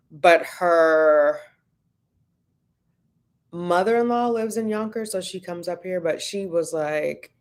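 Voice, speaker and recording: A woman's voice: fairly low pitch, creaky. A woman casually chatting at home on a livestream, laughing often and greeting viewers by name. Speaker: vlogger hosting a livestream.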